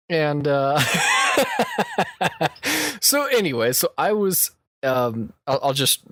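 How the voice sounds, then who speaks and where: A man's voice: medium pitch, a bit bright, no echo, studio quality. A man co-hosting a podcast, telling a work story in casual chat and laughing often as he goes. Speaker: podcast co-host.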